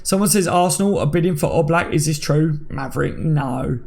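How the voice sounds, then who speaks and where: A man in his thirties with a slightly high, gravelly voice, hosting a casual live stream. He chats with viewers like mates, calling them by name as he reads their comments. His talk is loose and friendly. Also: moderate pace, darkish tone. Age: 30s. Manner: chatty, banters with viewers by name. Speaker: livestream host.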